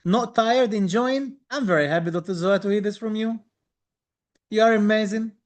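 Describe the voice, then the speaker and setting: A high-pitched man with as a teaches a live online dental exam class. He talks with eager enthusiasm, repeating key phrases to encourage his students. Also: normal speed. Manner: enthusiastic, reads out viewer comments, repeats phrases.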